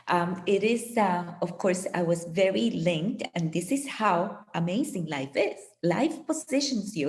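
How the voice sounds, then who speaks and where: A woman's voice: fairly low pitch, a little mellow. A woman guest on a podcast, sharing personal stories in an earnest, emphatic, motivational way. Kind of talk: reflective personal storytelling.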